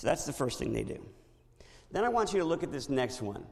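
A male pastor preaching a sermon in a church, animated and storytelling with impressions. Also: mid-range voice, a little fast, vocal fry, in a large hall, a little hiss or hum.

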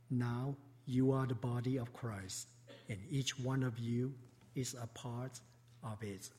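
A man reading scripture aloud in a measured, deliberate way. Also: mid-range voice, darkish tone. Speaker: scripture reader.

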